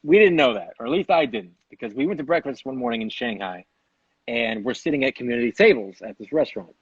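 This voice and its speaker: A man casually telling a funny travel story, animated and laughing as he goes. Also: mid-range voice, quick pace, husky, no echo, dull audio. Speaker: co-host.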